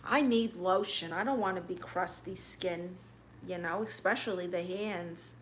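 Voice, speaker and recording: A woman's voice: lowish voice, unhurried, a little hiss or hum. A woman with a Brooklyn accent streaming live, reading viewer comments aloud and answering them with blunt, sassy comebacks. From Brooklyn, New York.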